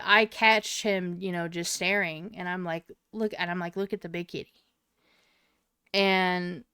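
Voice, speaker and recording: A woman's voice: medium pitch, fairly bright tone, clear, resonant tone, no room sound, clean studio sound. Profane, rambling woman in her twenties. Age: 20s. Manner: profane, meandering storyteller with many fillers. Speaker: podcast co-host. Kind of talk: casual storytelling.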